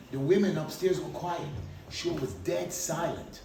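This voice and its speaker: A man giving a speech at a party, telling a dramatic story with an animated delivery. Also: on the high side, moderate pace, creaky, slight background noise. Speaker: speaker at a party. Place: event hall. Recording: echoey hall, mic from far off.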